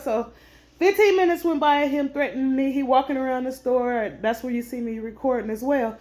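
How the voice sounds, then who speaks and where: A veteran woman vlogs to camera, animatedly and indignantly recounting an incident at a store and often calling her listeners "honey." Her voice is high-pitched and brisk, with a darkish tone.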